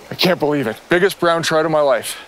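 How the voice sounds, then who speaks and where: A man's voice: a little high, fairly bright tone, a little hiss or hum. A man giving enthusiastic, exclamatory fishing commentary and tips from a boat on a river. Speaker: angler on a fishing show.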